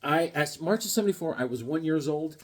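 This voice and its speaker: A man in his fifties showing off his comic books in a casual joking vlog, acting out voices with sudden loud outbursts. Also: a little high, lively intonation, brisk, slight background noise.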